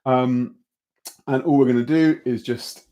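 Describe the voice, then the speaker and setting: A man's voice: mid-range voice, measured pace, lo-fi sound. A young man teaching an online beatbox workshop, easygoing and encouraging, with lots of ums and restarts as he explains. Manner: relaxed, encouraging, full of fillers and restarts.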